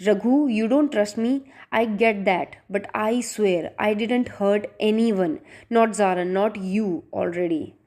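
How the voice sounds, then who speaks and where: A woman's voice: mid-range voice, slow pace, few pauses, darkish tone, lightly acted. A woman reading the lines of a defensive young man who insists again and again on his innocence, in an audiobook.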